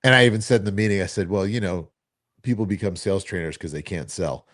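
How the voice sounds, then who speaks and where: A man co-hosting a casual talk show, telling stories with animated acted-out quotes. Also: sits low, fast talker. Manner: animated, acts out quoted dialogue. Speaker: co-host. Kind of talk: casual storytelling chat.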